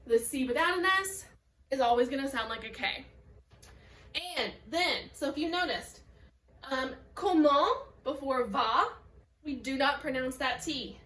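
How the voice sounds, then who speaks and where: A woman's voice: high voice, lively intonation, unhurried, pauses often, a bit bright. A woman French teacher recording a video lesson, explaining step by step and modelling French words and phrases. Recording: echoey room, voice a bit far from the mic.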